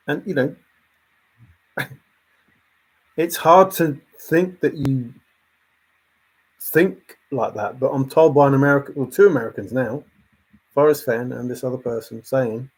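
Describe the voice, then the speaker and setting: A man's voice: mid-range voice, normal speed, long pauses, breathy edge, poor audio. A man talking casually to viewers in an emphatic, exasperated way, repeating his points as he comments on a treasure hunt.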